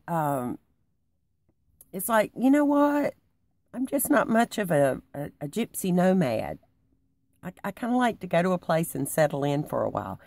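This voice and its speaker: A middle-aged woman, talking to her viewers in a folksy, meandering way that sometimes drops to a hushed near-whisper. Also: low voice, gravelly, no echo. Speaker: Christian vlogger. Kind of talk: casual rambling talk to camera.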